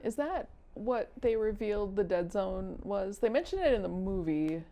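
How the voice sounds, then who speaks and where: A woman's voice: medium pitch, lively intonation, dark tone. A woman co-hosting a podcast in casual book chat, asking questions and giving short replies. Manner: slow-spoken, mostly short listening replies. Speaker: podcast co-host.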